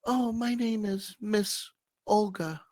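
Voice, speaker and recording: A man voicing a fussy little old lady in a quavering high falsetto. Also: fairly even intonation, takes it slowly, darkish tone. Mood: sweet.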